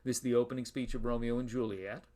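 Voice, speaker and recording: Lively man lecturing on verse rhythm. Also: mid-range voice, fast. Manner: lively and jokey, chanting rhythms aloud. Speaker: university lecturer. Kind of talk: online lecture on Shakespeare verse.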